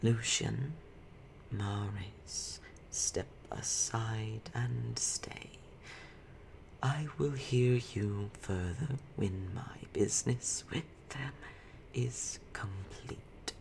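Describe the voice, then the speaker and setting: A man voicing an ancient, commanding female oracle in a whispered role-play, speaking in a slow unvoiced whisper. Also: lowish voice, noisy background.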